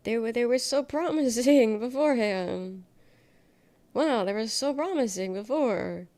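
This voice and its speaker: A woman's voice: a little high, lively intonation, measured pace, warm tone. A young adult woman live-streaming in a casual chat, reading her chat aloud and reacting bluntly, swearing freely. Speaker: livestreamer.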